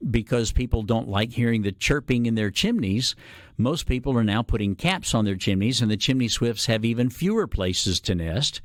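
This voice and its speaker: A man talks on a call-in radio show. He explains things at an unhurried pace, drops in a lot of "uh" fillers, and stays at an average pitch. His voice is close and dry on a studio microphone. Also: no echo. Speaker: radio guest host.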